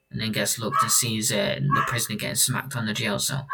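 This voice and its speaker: A man's voice: on the low side, little pitch movement, brisk, creaky, hardly any pauses, pushed and bright, far from the mic, rough recording. A man reading a comic aloud in a casual, offhand way, stumbling over names. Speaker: comic book reader.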